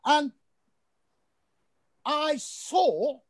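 A man from Sierra Leone, a local councillor, answering interview questions in a measured way and repeating words as he finds his phrasing. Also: very high voice, lively intonation, dry recording. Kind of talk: interview answers; opening lines a prepared campaign statement.

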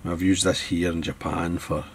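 A man's voice: low voice, little pitch movement, normal speed, a little hiss or hum. A man with a Scottish accent narrating a fly-tying tutorial at his tying desk in an easygoing way, thinking aloud as he works. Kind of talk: tutorial narration while working.

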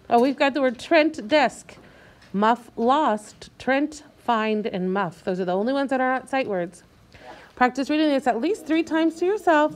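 Her voice a little high, a teacher leads young children in a reading lesson. Every word comes out slow, clear, and patiently drawn out.

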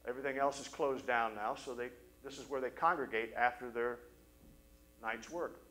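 Male pastor, mid-range voice, animated storyteller in a Sunday sermon. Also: mid-range voice, moderate pace, rough recording. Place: church service.

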